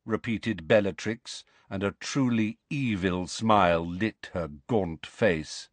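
A man narrating an audiobook in a measured, dramatic way. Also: lowish voice, no echo. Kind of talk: scripted narration.

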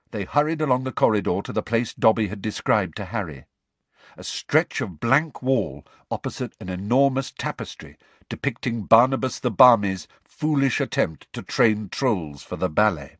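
A man narrating an audiobook with expressive storytelling. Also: fairly low pitch, moderate pace, husky, no echo. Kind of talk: scripted narration.

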